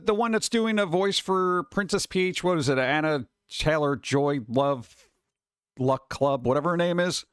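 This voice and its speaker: A man's voice: high voice, fairly bright tone, clean tone, dry recording, clean studio sound. A man streaming live, chatting casually and rambling while answering his viewers. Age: adult.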